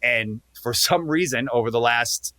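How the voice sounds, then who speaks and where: Male podcast guest, bright forceful tone, earnest and animated. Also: mid-range voice, measured pace, no room sound. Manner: earnest, animated, speeds up when excited. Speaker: podcast guest, pro wrestler. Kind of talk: casual interview storytelling.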